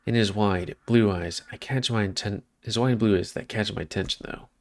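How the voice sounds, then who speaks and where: Speaking at a moderate pace in a lowish voice, this man narrates a visual novel as a let's play. Every so often he trips over a line and fixes it, and he wanders off-script for side comments.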